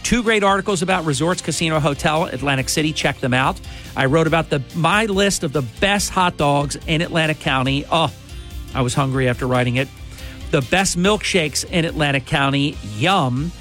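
A man's voice: a little high, moderate pace, a bit bright, soft background music. A man hosting a talk radio show, ranting emphatically and indignantly into a studio microphone.

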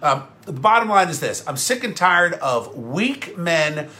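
High, bright-voiced ranting talk host. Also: male voice, sing-song, a little slow. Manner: combative, sarcastic, repetitive. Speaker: radio talk show host. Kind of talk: live-streamed talk show rant.

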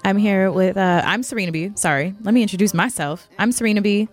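A woman hosting a morning radio show, chatting in relaxed banter with her co-host. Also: mid-range voice, fast talker, soft background music. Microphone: studio microphone.

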